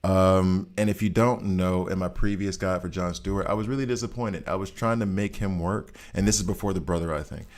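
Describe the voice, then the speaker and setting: Tired, rambling deep-voiced man. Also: brisk, few pauses, darkish tone. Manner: rambling, chatty, drifts into Southern twang. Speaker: mobile game guide host. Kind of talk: casual gameplay commentary.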